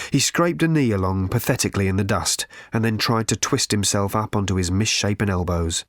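A man narrating an audiobook in a measured, wry storytelling manner. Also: lowish voice, no echo, studio quality. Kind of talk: scripted narration.

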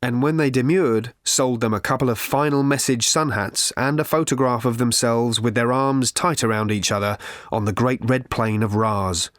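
A man narrating an audiobook in a measured, wry storytelling manner. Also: mid-range voice, a bit bright, no room sound, studio quality. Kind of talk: scripted narration.

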